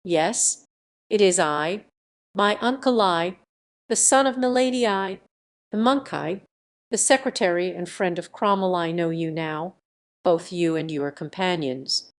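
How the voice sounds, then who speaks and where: A woman's voice: fairly low pitch, unhurried. A woman voicing a scornful young male monk and spy in an audiobook, with a mocking, taunting delivery.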